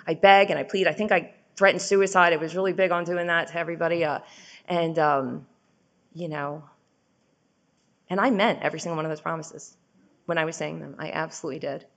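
Low-voiced woman, raw and candid. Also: fairly quick, creaky. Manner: raw, candid, shifting between urgent and hushed. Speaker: speaker sharing her recovery story. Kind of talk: personal recovery testimony.

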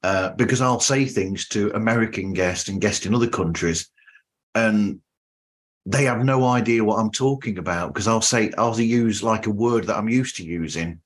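A man's voice: lowish voice, normal speed. A man from the north of England with a Northern English accent, hosting a podcast interview in an easygoing, chatty way. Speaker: podcast host. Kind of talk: casual interview chat.

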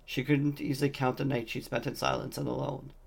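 A man's voice: medium pitch, little pitch movement, brisk, vocal fry. A man reading a fantasy novel aloud, voicing the dialogue lightly in his own voice. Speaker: audiobook reader.

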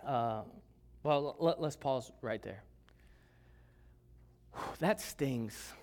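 Joking, conversational man preaching a sermon. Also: mid-range voice. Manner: conversational preaching with jokes and asides. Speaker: pastor.

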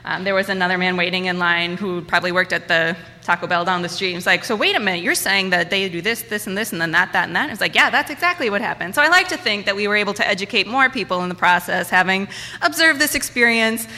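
A woman tells a story on stage, playing out each person she quotes. Her voice is bright and clear. A long reverb trails off the walls of the hall. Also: medium pitch, fast. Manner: animated, acts out quotes.

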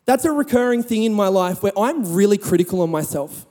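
A man preaching a sermon, telling a funny personal story with lively sound effects. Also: sits high, fairly quick, long reverb tail.

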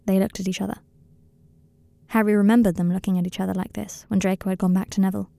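Gravelly-voiced woman reading a story. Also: mid-range voice, quick pace, dry recording. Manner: calm, steady narration. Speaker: narrator. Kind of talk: audiobook reading of a fan story.

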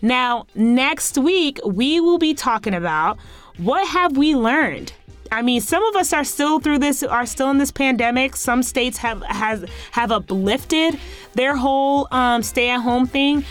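A woman's voice: sits high, lively intonation, slow pace. A woman hosting a solo podcast, talking in an earnest, encouraging, casual way. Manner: earnest and encouraging, rising upbeat sign-off. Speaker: podcast host.

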